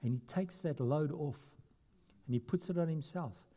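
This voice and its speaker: A middle-aged man preaching a sermon as a pastor. He swings between loud, emphatic stretches and quiet asides, asking the congregation questions and adding light humor. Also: on the high side, normal speed.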